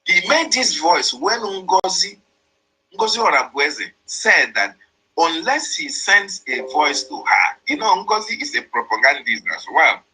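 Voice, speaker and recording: A man's voice: sits high, big pitch swings, a little slow, sharp tone, breathy edge, low-quality recording. A man, explaining and interpreting a played voice message in a repetitive, emphatic way. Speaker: commentator.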